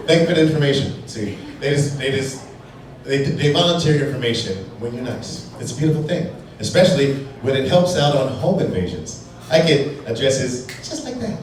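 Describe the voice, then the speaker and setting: A man's voice: mid-range voice, very animated. A man from Chicago performing a stand-up comedy set on a brew pub stage, talking in a wry, playful way. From Chicago, USA. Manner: wry, playful, quick jumps into put-on voices. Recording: distant, echoey, noisy live bar recording. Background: audience laughter and bar noise.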